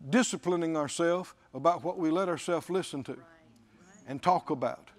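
A man's voice: fairly high pitch, moderate pace. A man preaching a sermon as pastor, emphatic, repeating phrases and quoting scripture.

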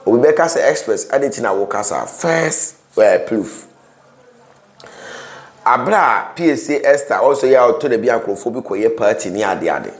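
A man's voice: medium pitch, expressive, moderate pace. A Ghanaian man hosting a gossip news commentary, with pleading, preachy asides to his viewers. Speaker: host. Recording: roomy echo.

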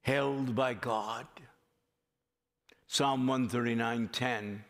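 A man delivering a sermon at an unhurried, deliberate pace, leaning into key phrases with earnest emphasis. His voice sits at an ordinary middle pitch. It rings out with a long reverb, as in a church sanctuary. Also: vocal fry. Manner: slow, earnest preaching with drawn-out emphatic phrases. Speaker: pastor.

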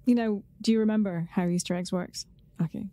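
A woman's voice: medium pitch, steady tone, fairly quick, mellow. A woman co-hosting a podcast in casual chat, chatty and teasing. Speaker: podcast co-host.

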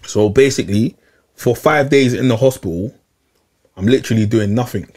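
A young man, telling a long personal story in casual chat, animated and repeating himself, full of slang. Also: mid-range voice, moderate pace. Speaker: podcast regular.

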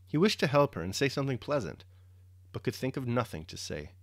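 A man reading a classic novel aloud chapter by chapter, then giving a measured spoken reflection in a steady, articulate way. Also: mid-range voice, no echo, studio quality. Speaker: audiobook reader and commentator. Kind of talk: measured audiobook narration and reflection.

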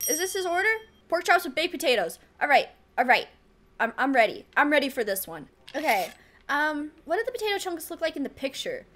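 A woman's voice: high-pitched, very animated, brisk, fairly bright tone, a little hiss or hum. A woman giving casual gameplay commentary, flustered and self-mocking, laughing often. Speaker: let's play gamer.

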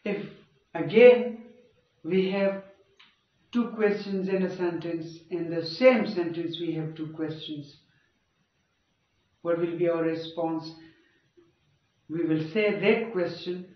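A man's voice: a little high, slow pace, long pauses. A man giving a grammar lecture in a classroom, often stopping to check that listeners follow. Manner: checks understanding with frequent rhetorical prompts. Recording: echoey, dull room sound from far off.

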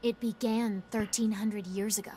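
An actress voicing a calm, cold-hearted game woman, measured and mocking. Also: mid-range voice, a little hiss or hum, lightly acted.

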